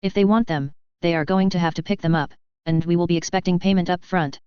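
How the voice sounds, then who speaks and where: A woman's voice: lowish voice, fairly even intonation, fast, clean tone, no echo, natural voice. A woman voicing a wry, laid-back male factory owner who speaks with dry sarcasm, in a dull lo-fi recording. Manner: dry, sardonic.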